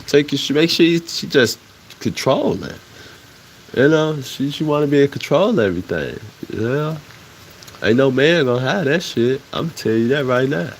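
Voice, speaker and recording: A man's voice: lowish voice, slight background noise. A man from Chicago with a Chicago accent, talking loosely on a casual livestream and getting heated and emphatic as he goes. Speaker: livestream host.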